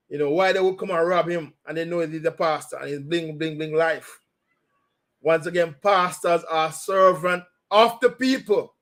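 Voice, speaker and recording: Brief: chatty male host, fairly high voice, loose opinionated delivery. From Jamaica. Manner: rambling, opinionated, frequent fillers. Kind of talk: casual commentary show.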